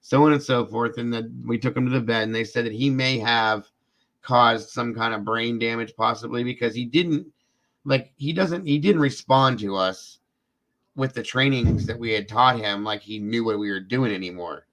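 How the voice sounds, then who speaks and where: A man's voice: mid-range voice, steady tone, normal speed, a bit bright. Rambling man telling a story to viewers. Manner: rambling, repeats himself with fillers like "this and that"; speaks directly to viewers in chat. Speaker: host of a live true-crime show. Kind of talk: casual storytelling on a livestream.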